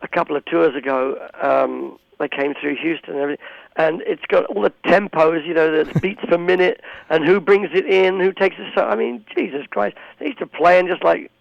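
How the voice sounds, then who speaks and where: A man's voice: fairly high pitch, fairly quick, gravelly, no room sound. A man, a musician guest, chatting and rambling in a casual phone interview, laughing easily. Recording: dull phone line.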